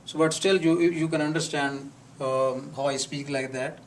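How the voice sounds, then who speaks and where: A man teaching a live class, who speaks deliberately and repeats words to model how they are pronounced. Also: fairly high pitch, fairly even intonation, recorded from a distance, slight background noise. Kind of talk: live classroom lecture on pronunciation.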